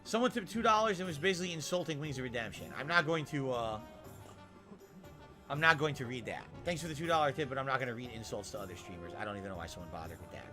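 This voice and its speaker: A man streaming a video game, chatting casually and swinging from loud excited outbursts to low muttering. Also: fast talker, music in the background. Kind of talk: casual gameplay commentary.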